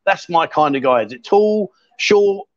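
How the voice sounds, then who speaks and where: A man's voice: fairly high pitch, expressive, measured pace. A man hosting a casual live-stream chat, teasing his guest and reading out viewer comments. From England. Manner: teasing, jokey, reads out comments. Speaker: host. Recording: dull lo-fi stream audio.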